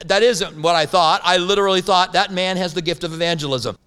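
A man's voice: sits high, brisk, few pauses, sharp tone, clean tone. A man preaching a sermon as a pastor, telling stories with humorous asides. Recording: long hall reverb.

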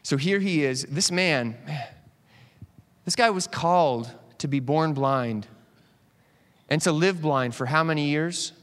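A man with a somewhat high voice preaching a relaxed sermon, throwing playful asides to his congregation. His voice rings out in a church hall with long reverb. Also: a little slow, pauses often. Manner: animated, joking asides to the congregation. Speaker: pastor. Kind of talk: conversational sermon.

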